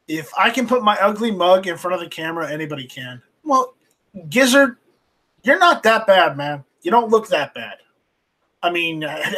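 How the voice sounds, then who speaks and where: A man hosting a casual live stream off camera, reading viewer chat aloud and talking in a halting, rambling way with many restarts. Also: sits high, a bit bright. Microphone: home streaming mic, voice only, off camera.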